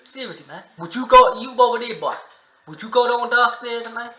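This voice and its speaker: A man hosting a reaction video, swearing and excitedly talking back at the clip he is watching. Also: extremely high pitch, brisk, roomy sound, rough recording. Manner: profane, excitable, talks back at the screen. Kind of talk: casual reaction commentary. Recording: music playing under the voice.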